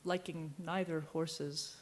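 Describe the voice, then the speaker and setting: On a book fair panel, a woman novelist from Virginia tells a long, digressive anecdote, trailing off mid-sentence. Her voice is low and slow with fairly even intonation, plus a little hiss or hum.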